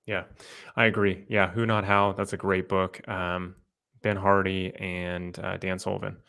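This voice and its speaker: A man's voice: low-pitched, level tone, unhurried, vocal fry, sharp tone. A man hosting a podcast, asking loose, casual questions with many fillers. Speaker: podcast host. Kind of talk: casual interview.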